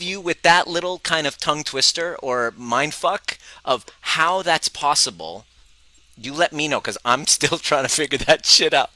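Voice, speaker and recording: A man's voice: on the high side, expressive, moderate pace, sharp tone, no echo, low-quality recording. A man, a personal growth coach, talking casually and candidly to his audience, swearing freely and laughing often. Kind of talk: casual live talk to an audience.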